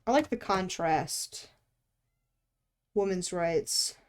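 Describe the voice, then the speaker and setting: Her voice is lowish and a little mellow, animated yet extremely slow. As an art streamer chatting live over her drawing, she teases herself, swears offhandedly and laughs a lot.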